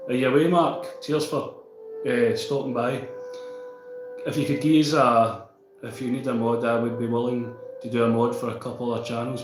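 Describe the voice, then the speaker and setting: A man's voice: medium pitch, reverberant, poor audio. A Scottish man chatting casually with viewers on a livestream, reading out and answering their comments.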